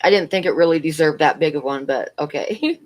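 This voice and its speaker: A middle-aged woman with a fairly low voice chats casually on a livestream. She wanders through a long personal story and stops to greet viewers and answer their questions. Her talk is loose and full of asides. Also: fairly quick, darkish tone. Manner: rambling storytelling, answers chat between stories. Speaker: livestream host.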